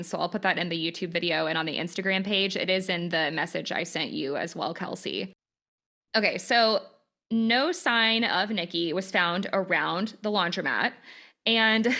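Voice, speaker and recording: A woman's voice: medium pitch, pushed and bright. A woman hosting a podcast, recounting case details in casual chat with plenty of fillers. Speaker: podcast host. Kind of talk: casual true-crime chat.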